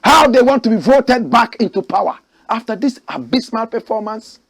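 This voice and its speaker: A man's voice: extremely high pitch, lively intonation, moderate pace, gravelly. A Ghanaian man hosting a political commentary show, preaching in rhetorical, outraged bursts. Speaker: host.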